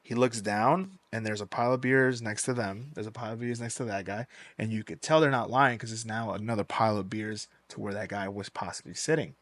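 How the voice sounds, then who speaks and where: A man's voice: on the low side, brisk, dry recording. Swearing young man telling a story. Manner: animated, swears freely, acts out quoted voices. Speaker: podcast host. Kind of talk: casual storytelling.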